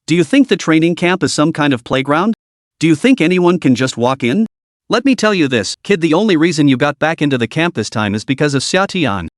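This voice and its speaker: A male narrator voicing a gruff, scolding old male director who talks in a stern, blustering way. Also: on the high side, expressive, fairly quick, no room sound, studio quality, lightly acted.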